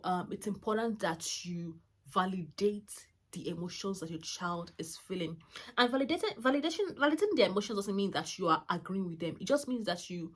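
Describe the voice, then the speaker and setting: A woman's voice: lowish voice, husky. A woman around forty hosting her own channel, sharing parenting advice in a chatty, rambling way full of fillers and restarts. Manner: warm-hearted, chatty, lots of fillers and restarts. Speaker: channel host, mother. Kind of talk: casual parenting talk to camera.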